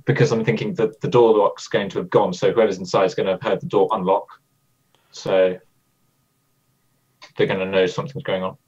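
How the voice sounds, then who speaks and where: A man's voice: deep voice, level tone, fairly quick, pauses often, a little mellow. A man playing in a tabletop game, carefully thinking aloud about tactics. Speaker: player. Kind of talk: tabletop role-play chat. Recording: dull lo-fi husky audio.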